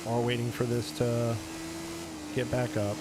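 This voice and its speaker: A man's voice: mid-range voice, level tone, normal speed, heavy background noise. Rambling male game streamer. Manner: rambling, talks to himself while playing. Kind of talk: casual gameplay commentary.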